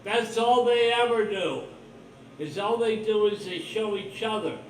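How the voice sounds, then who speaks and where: A man's voice: high-pitched, a little slow, far from the mic. A man hosting his own livestream, talking in a rambling, blunt, profane monologue full of suspicion. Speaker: livestream host. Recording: roomy echo, voice off-mic, faint ambience.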